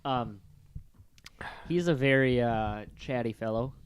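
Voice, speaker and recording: A man's voice: mid-range voice, slow pace, clear, resonant tone. A young man co-hosting a podcast, telling a rambling story with lots of fillers and giggles. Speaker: podcast co-host. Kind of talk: casual chat.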